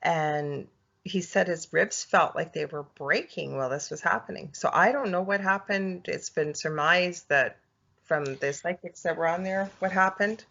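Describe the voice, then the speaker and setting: A woman speaking as a podcast guest, telling her story in casual, halting speech with many fillers and restarts. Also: lowish voice, gravelly, bright, forceful tone. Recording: dull lo-fi audio.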